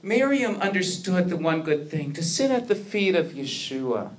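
A pastor with a high-pitched, very animated voice preaches a sermon to his congregation at a moderate pace. He's earnest, poses rhetorical questions, and builds to emphatic peaks.

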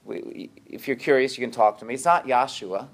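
A man's voice: mid-range voice, fast talker. A man preaching a sermon to his congregation, often restarting his words and checking in with "right?".

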